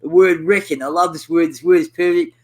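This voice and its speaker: A man's voice: a little high, fairly even intonation, fairly quick, rough recording. A man with an Australian accent hosting a crude, rambling casual chat, swearing constantly. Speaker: host.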